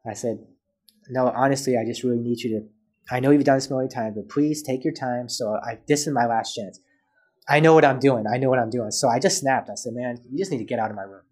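A man's voice: medium pitch, fairly quick, a little mellow. A man as a podcast guest, telling a personal story in casual chat and acting out both sides of past conversations.

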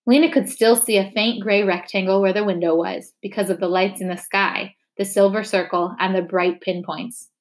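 A woman reading a novel chapter aloud, steady and expressive. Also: mid-range voice, normal speed, few pauses. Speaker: reader.

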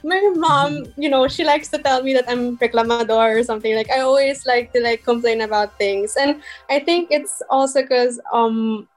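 A woman's voice: a little high, steady tone, normal speed, faint music behind. A young woman who runs a small crochet shop, chatting casually in an interview, laughing often and filling with "like" and "um.". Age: young adult. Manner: giggly, chatty, many fillers. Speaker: guest, crochet shop owner.

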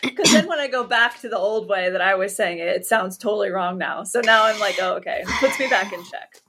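A woman's voice: mid-range voice, a little fast, bright, forceful tone. A woman from Hawaii co-hosting a podcast, chatting candidly, giggling and exclaiming often. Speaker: podcast co-host. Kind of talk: casual chat.

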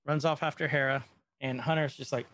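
A man's voice: mid-range voice, steady tone, a little fast, a bit bright, no echo. A man co-hosting a podcast, casually and animatedly recapping an episode while quoting its characters. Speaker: podcast co-host.

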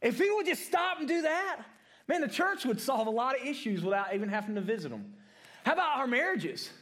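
A man preaching to adults in a casual, talky way, his voice sitting high for a man. He keeps checking in with "right?" and stumbles through repeats and restarts as he thinks aloud. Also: big pitch swings, a little fast, a bit bright. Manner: asks the room questions, ends points with "right?"; repeats words and restarts often. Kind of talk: conversational sermon to adults.

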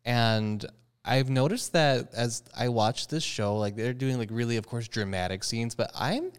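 A young man co-hosting a casual podcast, with a smooth, clear voice at a middle pitch for a man. He talks expressively and jokes, with dramatic asides. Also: measured pace. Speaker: podcast co-host. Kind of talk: casual chat.

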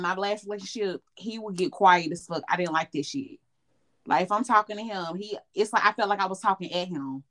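Woman cohost venting about exes, animated and swearing, lots of little restarts. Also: mid-range voice. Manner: animated, profane storytelling. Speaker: podcast co-host. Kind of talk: casual chat.

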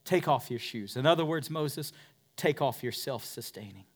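A man preaching a sermon as pastor of a church, dropping to whispers and rising to loud peaks. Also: mid-range voice, expressive, moderate pace. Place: church in a converted warehouse.

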